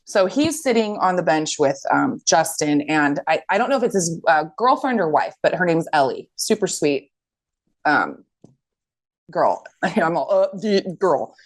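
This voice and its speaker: A woman's voice: sits low, unhurried. A woman co-hosting a podcast, telling stories in a casual chat, acting out what people said and swearing freely. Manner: animated storytelling, acting out quotes, swearing. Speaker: podcast co-host.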